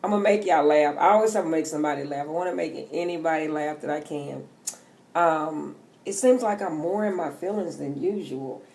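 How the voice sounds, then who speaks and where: A middle-aged woman chats casually into her vlog, joking her way through loose, profane talk. Her voice sits low, with a gravelly edge and a mellow, dark tone. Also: a little fast. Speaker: tarot reader.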